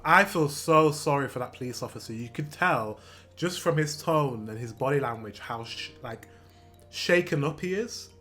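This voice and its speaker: A man's voice: mid-range voice, expressive, moderate pace, a bit bright, faint music behind. A British man hosting a reaction video, talking earnestly and repeating himself when he gets emotional. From Britain. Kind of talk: casual reaction commentary.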